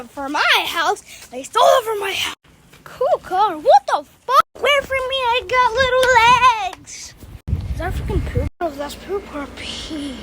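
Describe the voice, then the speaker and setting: Super high-pitched girl rambling on her phone vlog outside, slow and jokey, random excited squeals, faint park noise behind. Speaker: vlogger. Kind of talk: rambling handheld vlog chatter. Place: outdoor park on a sunny day.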